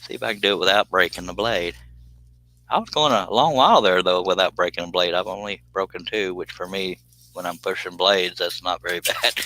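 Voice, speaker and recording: A man's voice: sits low, level tone, a little fast, bright, forceful tone, rough recording. A man chatting casually on a woodworking live stream, laughing often and reading viewer comments aloud. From United States. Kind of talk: casual live stream chat while working.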